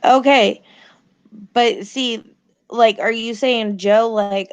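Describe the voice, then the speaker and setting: A woman's voice: a little high, takes it slowly, clean tone, no room sound, muffled recording. A woman defending herself bluntly in a livestream argument, swearing and saying "like" a lot.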